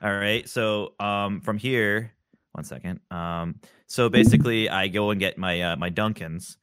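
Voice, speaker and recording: Rambling low-voiced man hosting a podcast. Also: unhurried, fairly bright tone, smooth, no room sound, clean studio sound. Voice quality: rambling, filler-heavy delivery. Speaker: podcast host. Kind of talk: casual podcast chat, narrating his clips.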